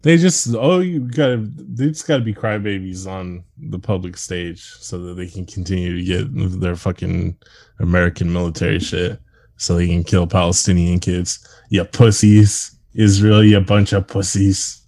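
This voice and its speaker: A man's voice: deep voice, fairly even intonation, normal speed, vocal fry, a little mellow. A man co-hosting a podcast in casual chat, sarcastic and profane, laughing often. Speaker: podcast co-host.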